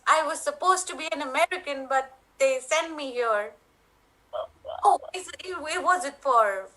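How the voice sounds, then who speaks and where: A woman's voice: high-pitched, pushed and bright, a little hiss or hum, heavily acted, rough recording. A woman playing a polite, bewildered male butler. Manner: formal, apologetic.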